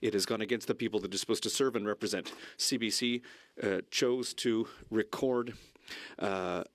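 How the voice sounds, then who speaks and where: A man from Quebec, a member of parliament, giving a halting speech in a legislative chamber with many fillers. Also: on the low side, no echo.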